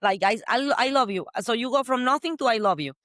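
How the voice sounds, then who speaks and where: A middle-aged woman with a Spanish accent, an entrepreneur appearing as a guest in a casual interview, speaks briskly in a slightly high voice. The studio-quality recording has no room sound, and her animated stories are full of restarts and laughs.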